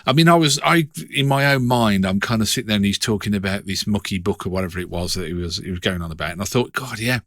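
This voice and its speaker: A middle-aged man in casual conversation, telling anecdotes with animated delivery and frequent restarts. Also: lowish voice, quick pace, hardly any pauses, no room sound, clean studio sound. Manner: animated storytelling, hesitant restarts. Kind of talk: casual chat.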